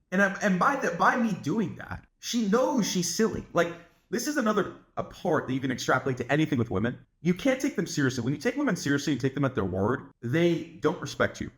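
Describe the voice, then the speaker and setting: A man's voice: on the high side, sing-song, a little fast, a bit bright, roomy sound. A young man giving dating advice in a brash, boastful monologue, swearing often and filling his talk with "like". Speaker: dating coach. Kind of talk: casual monologue to camera.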